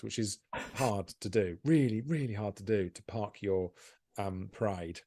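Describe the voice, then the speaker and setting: A man, a stand-up comedian, talking candidly and self-deprecatingly in a podcast interview, animated and often laughing. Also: fairly low pitch, unhurried.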